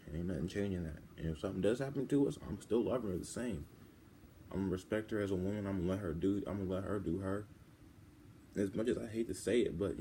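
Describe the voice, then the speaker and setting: A teenage boy with a low, dark voice talks through a personal vlog, halting and rambling, full of restarts. He sounds close to tears. Faint background noise sits under his voice. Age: teens. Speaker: vlogger.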